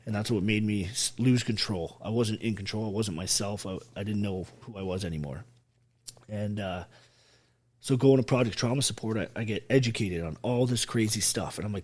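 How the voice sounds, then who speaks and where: Veteran guest, man, low-set voice, raw and profane storyteller. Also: a little fast, a little mellow. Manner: profane, blunt, acts out quoted speech. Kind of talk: emotional storytelling on a podcast.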